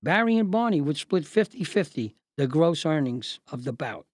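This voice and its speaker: An older man hosting and narrating a memoir story in a measured, deliberate, lawyerly way. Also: fairly high pitch, very animated, dry recording. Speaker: host and narrator.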